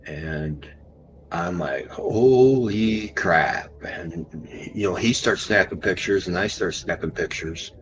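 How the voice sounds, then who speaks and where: A man as a podcast guest, recounting an encounter story animatedly and slowing down for the tense moments. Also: sits low, a bit bright, a little hiss or hum, low-quality recording.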